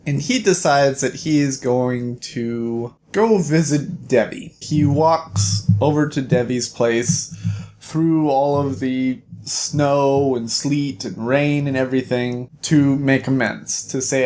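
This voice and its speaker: A man hosting a casual book review video, chatty and animated, acting out the characters as he retells the story. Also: mid-range voice, unhurried.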